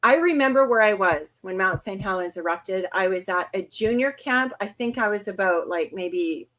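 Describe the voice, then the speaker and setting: A woman in her fifties hosting a casual livestream, chatty and quick to laugh as she greets viewers one by one. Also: mid-range voice, lively intonation, a bit bright. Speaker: host.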